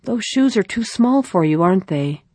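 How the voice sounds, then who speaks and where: A woman voicing a gentle, worried young mother who speaks softly in a storybook reading. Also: medium pitch, expressive, normal speed, breathy edge, no room sound. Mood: tender. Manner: gentle, soft-spoken.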